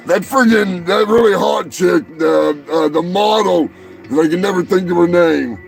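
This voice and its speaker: Loud, rambling, cursing man with gravel. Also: high-pitched, normal speed, music in the background. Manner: rambling, shouting, heavy swearing. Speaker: host of a comedy show. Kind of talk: profane comic rant.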